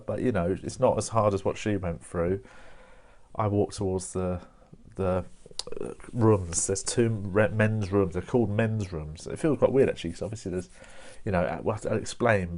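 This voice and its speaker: Low-voiced chatty comic. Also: male voice, dark tone. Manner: chatty, laughs often, slips in mate and innit. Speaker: stand-up comedian. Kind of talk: stand-up storytelling without an audience. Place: home, performing to a camera online.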